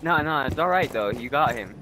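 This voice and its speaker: Brash gamer, lively swearing voice, noisy game chat line. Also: male voice, medium pitch, brisk. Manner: brash, argumentative, swears a lot. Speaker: online game teammate.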